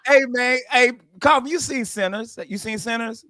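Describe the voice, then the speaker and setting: A man who is a regular comedian on a radio show, playful and excitable in casual banter. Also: extremely high pitch, normal speed, background noise. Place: radio studio.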